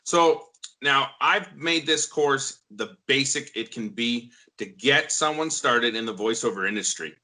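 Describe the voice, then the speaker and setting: A man interviewing a guest, speaking deliberately and pausing to search for words. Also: mid-range voice, bright, forceful tone. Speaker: interviewer, course creator.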